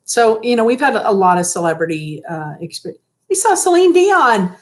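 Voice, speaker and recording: A woman's voice: a little high, very animated, normal speed. A woman co-hosting a casual live stream who tells stories animatedly and acts out the quotes in them. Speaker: co-host. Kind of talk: casual chat.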